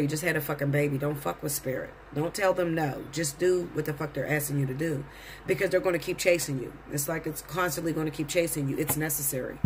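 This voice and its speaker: A man's voice: fairly high pitch, slight background noise. A man giving a casual tarot reading to his viewers, blunt and profane, lecturing them. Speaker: tarot reader.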